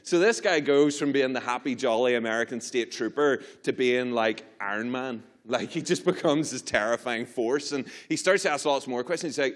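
A young man with a Northern Irish accent gives a sermon. He tells a funny story, mocks himself and acts it out with lively swings of voice before turning to a spiritual point. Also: medium pitch, fairly quick, few pauses. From Northern Ireland. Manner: animated, self-mocking storyteller. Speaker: preacher.

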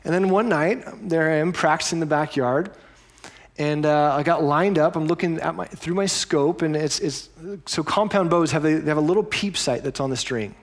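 Male pastor, conversational sermon, fairly high voice, casual asides. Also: normal speed.

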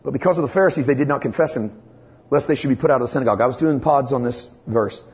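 A man's voice: medium pitch, racing, dull audio. A man preaching a sermon as pastor, emphatic and impassioned, building in intensity as he presses his points.

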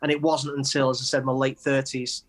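Halting English man talking openly. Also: medium pitch, little pitch movement, fairly bright tone. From England. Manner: halting, many restarts and fillers. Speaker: guest, poet. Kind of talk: conversational interview.

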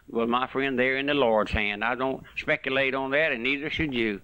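A man preaching a fiery radio sermon, pleading with listeners and swinging between loud bursts and hushed asides. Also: medium pitch, normal speed, few pauses, clean tone, no echo. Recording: dull lo-fi old radio broadcast.

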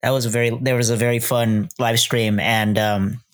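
A man hosting a podcast interview, asking questions in a measured, halting way. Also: medium pitch, level tone. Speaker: podcast host.

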